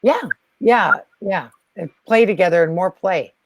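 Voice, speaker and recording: A woman guest speaking in a calm, reassuring coaching manner in casual conversation. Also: lowish voice, unhurried, dry recording. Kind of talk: casual spiritual chat.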